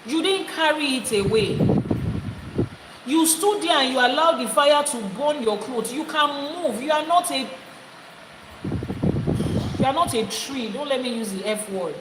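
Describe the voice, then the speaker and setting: A woman's voice: on the high side, echoey room, long reverb tail, heavy background noise. Emphatic woman giving a spiritual talk. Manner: emphatic, repeating phrases for effect. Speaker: Ifá priestess and teacher.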